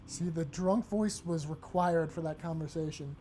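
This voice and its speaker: A woman in a relaxed let's-play session, riffing on the story in a chatty, self-mocking way. Her voice is on the low side and sounds warm and dark. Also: normal speed, slight background noise. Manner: jokey, chatty, laughs at herself. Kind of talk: casual gameplay commentary and reading aloud.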